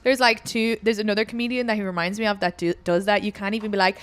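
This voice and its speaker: A woman's voice: medium pitch, fairly even intonation, quick pace, fairly bright tone. An Irish woman from Ireland, a podcast guest chatting candidly and frankly. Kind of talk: casual chat.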